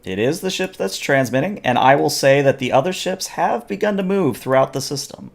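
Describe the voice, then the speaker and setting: A man's voice: on the high side, brisk, gravelly. A man narrating as game master in a casual online tabletop session. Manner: relaxed, describes scenes and voices characters.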